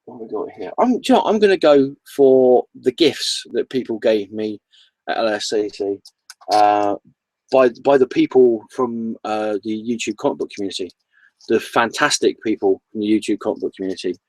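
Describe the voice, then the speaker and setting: A man's voice: lowish voice, moderate pace, darkish tone, no echo, poor audio. A man chatting casually on his comic book vlog, enthusiastic and rambling, often repeating himself.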